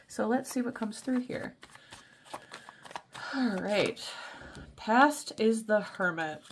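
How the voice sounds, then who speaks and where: A woman's voice: a little high, animated, takes it slowly, background noise. Playful chatty woman tarot reader. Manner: playful, chatty, calls listeners baby. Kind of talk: casual spiritual reading.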